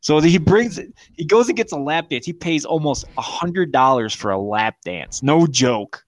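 A man's voice: fairly high pitch, expressive, moderate pace, no echo. A man co-hosting a podcast, telling a crude, profanity-laced road-trip story with frequent laughs. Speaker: podcast co-host. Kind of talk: casual storytelling chat.

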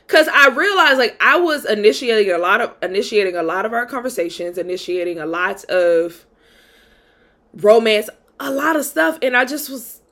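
A woman's voice: medium pitch, fairly bright tone. A young adult woman hosting a podcast, telling a personal dating story in a candid, chatty way with lots of "like" fillers. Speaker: podcast host. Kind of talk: casual storytime monologue.

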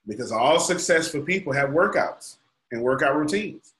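Bright-voiced, emphatic male coach. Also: medium pitch, normal speed, roomy sound, low-quality recording. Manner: emphatic, preachy, colloquial. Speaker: motivational coach leading a group call. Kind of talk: motivational teaching on a call.

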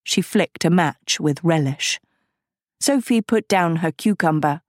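A woman narrating an audiobook in a measured, unhurried storytelling manner. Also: on the low side, expressive, no echo, clean studio sound.

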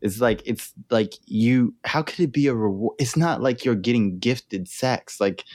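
A man's voice: mid-range voice, a little slow, darkish tone, no room sound, studio quality. A man co-hosting a podcast in casual chat, laid-back, laughing often and pushing back on his friend. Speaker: podcast co-host.

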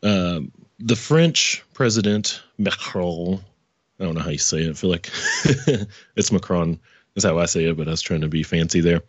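A man's voice: sits low, animated, normal speed, slightly rough, no room sound, muffled recording. A man hosting his own podcast in casual political commentary, rambling and correcting himself, with profane asides. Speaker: podcast host.

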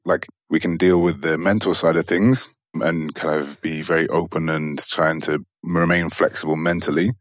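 A man's voice: very deep voice, fairly even intonation, moderate pace, hardly any pauses, dry recording, clean studio sound. A man hosting an interview, thinking aloud hesitantly with lots of fillers. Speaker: podcast host. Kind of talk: casual interview chat.

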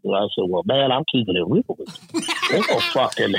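Here a man with a creaky, medium-pitched voice talks fast over background noise. He's a union representative spinning a workplace anecdote in loose, profane language, voicing the characters with plenty of cursing.

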